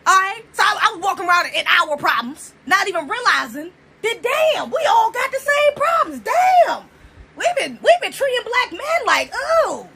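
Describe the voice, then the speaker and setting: A woman's voice: very high-pitched, sing-song, normal speed, vocal fry, over a noisy crowd. A young woman from the United States ranting to camera in an emphatic, profane way, firing off rhetorical questions. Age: young adult. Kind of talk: opinion rant to camera.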